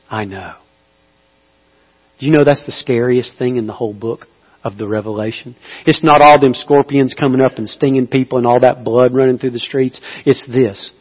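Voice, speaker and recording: A man preaching a sermon, moving between slow, hushed appeals and loud, pleading cries. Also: medium pitch, husky. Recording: dull sound with long hall reverb.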